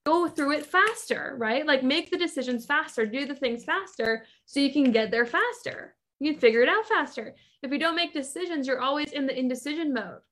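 A woman's voice: sits high, normal speed, a bit bright. A woman hosting a podcast, coaching listeners in an emphatic motivational monologue full of repetition and rhetorical questions. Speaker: podcast host and business coach.

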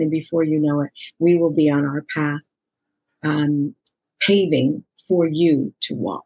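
Speaking a little slowly in a low, husky voice, this woman in her sixties shares a personal story as an interview guest. She's expressive and conversational, performing the lines of dialogue and laughing frequently.

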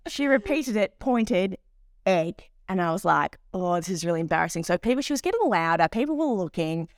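A woman co-hosting a podcast, telling an embarrassing travel story in a lively, animated way and acting out the people in it. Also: fairly low pitch, fairly quick, dry recording, clean studio sound. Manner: animated storyteller, acts out voices in anecdotes. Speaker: podcast co-host. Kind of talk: casual chat.

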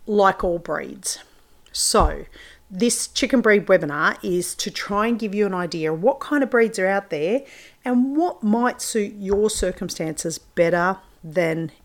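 Casting note: woman, solo podcast host, casual and chatty, mid-pitched, loose and unscripted. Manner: chatty, informal, many fillers.

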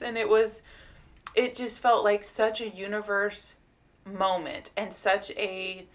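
A woman's voice: medium pitch, little pitch movement, slow pace. A woman co-hosting a podcast, telling a personal story in a casual, heartfelt way with many fillers and some swearing. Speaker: podcast co-host.

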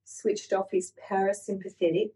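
A woman's voice: mid-range voice, level tone, moderate pace, mellow, recorded from a distance, poor audio. A woman co-hosting a spiritual podcast, explaining things step by step for listeners. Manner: explanatory, adds points for listeners. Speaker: podcast co-host.

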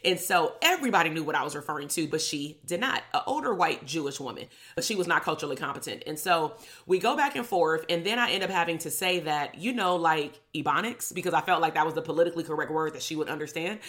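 A woman's voice: sits low, animated, fast, a bit bright. A middle-aged woman from Compton, a clinical psychologist hosting her own show, telling a story from her life in a blunt, sarcastic way and swearing freely. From Compton, Los Angeles. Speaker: podcast host, clinical psychologist. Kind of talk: casual storytelling monologue.

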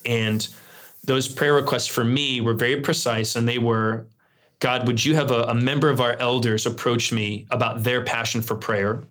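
A man, a pastor telling his story in a relaxed, earnest interview. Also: medium pitch, normal speed. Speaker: lead pastor, guest. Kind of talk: conversational interview.

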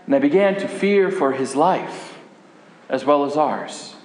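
Grieving devoted Mary, played by a man, high-pitched, slow and halting, tearful, roomy church reverb. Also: animated, darkish tone. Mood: sorrowful. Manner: halting, emotional, tearful storytelling. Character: grieving woman disciple Mary, devoted and fearful. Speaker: pastor. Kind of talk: first-person dramatic sermon monologue. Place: church sanctuary. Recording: echoey church hall, long reverb.

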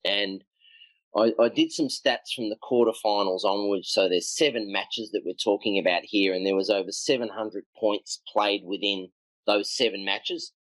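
A middle-aged tennis coach, a podcast guest, telling coaching stories in a relaxed, rambling way with frequent ums. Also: male voice, lowish voice, moderate pace, no room sound, rough recording. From Australia. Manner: animated anecdotes with acted quotes, frequent ums. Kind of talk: conversational storytelling.

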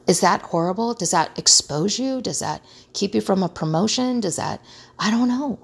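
A woman's voice: lowish voice, normal speed, vocal fry. A middle-aged woman hosting a casual advice talk, earnest and conversational, acting out remarks she quotes. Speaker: host.

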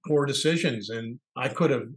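A middle-aged man with a medium-pitched voice speaks at a moderate pace over a rough recording. As a podcast co-host, he offers candid personal reflections, thinking aloud and searching for words, and he acts out the voices he quotes.

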